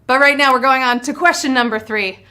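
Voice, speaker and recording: Bubbly high-voiced woman quiz host. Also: a little fast, bright, forceful tone. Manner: bubbly, punny, playful banter. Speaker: trivia game show host. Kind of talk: live quiz show hosting.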